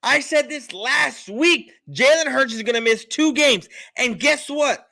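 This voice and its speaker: Loud emphatic man, bright voice. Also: extremely high pitch, animated, measured pace, vocal fry. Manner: loud, emphatic, repetitive insistence. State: been drinking a little. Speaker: sports podcast host. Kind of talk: heated sports opinion talk.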